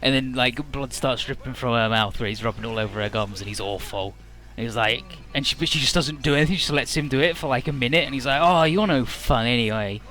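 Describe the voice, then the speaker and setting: A man giving casual, rambling gameplay commentary in a low-key, mumbly way. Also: steady tone, fast, sharp tone. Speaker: let's play host.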